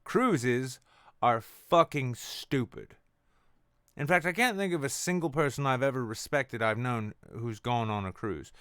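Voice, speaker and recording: Male late-night host, foul-mouthed and sarcastic, smooth clear voice, dry close sound. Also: medium pitch, animated, measured pace, a bit bright, dry recording. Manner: sarcastic, crude, swears constantly. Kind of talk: profane satirical news rant. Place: apartment. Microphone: on camera at home.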